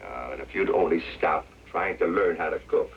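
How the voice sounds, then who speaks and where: A man's voice: low voice, moderate pace. An actor playing a jovial older retired vaudevillian who cracks folksy jokes and laughs at his own gags. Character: jovial wisecracking old male ex-vaudevillian farmer. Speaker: retired vaudevillian dog act performer. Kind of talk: 1960s TV drama acting. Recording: dull lo-fi 1960s TV soundtrack with faint hiss.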